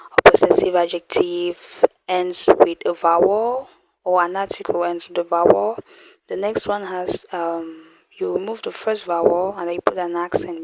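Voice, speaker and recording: A woman teaching a French lesson in English, repeating each phrase slowly and translating it, often checking in with "okay?". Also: medium pitch, no room sound. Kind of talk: slow spoken language lesson.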